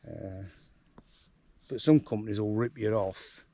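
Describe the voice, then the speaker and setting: A man's voice: on the low side, a little slow, mellow. An older man with a Yorkshire accent, chatting casually to camera on his farm and talking fondly to his donkeys. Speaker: farm vlogger. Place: outdoors in a farm paddock.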